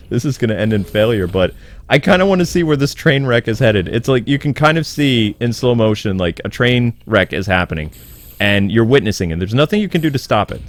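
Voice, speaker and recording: A man hosting a casual comic book commentary video, animated and sarcastic, sounding exasperated as he riffs and jumps into quick character voices. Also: lowish voice.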